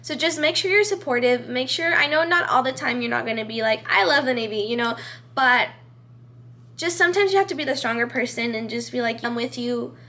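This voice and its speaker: A woman's voice: fairly high pitch, expressive, fairly quick, sharp tone. A young woman giving earnest, encouraging advice straight to camera in a casual vlog, filling her talk with "like" and "you know".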